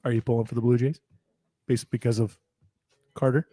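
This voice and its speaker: A man's voice: medium pitch, a little fast, breathy edge, no room sound, clean studio sound. A man co-hosting sports radio, dropping wry questions and quips. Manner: wry, quizzing, deadpan questions. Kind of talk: casual sports radio banter. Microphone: studio mic.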